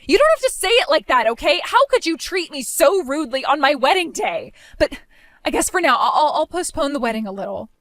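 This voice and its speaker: Entitled young bride played by a woman, high voice, whiny, pleading, drama voice acting. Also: very animated, brisk, a bit bright, dry recording, studio quality. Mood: demanding. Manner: whiny, pleading, self-centered.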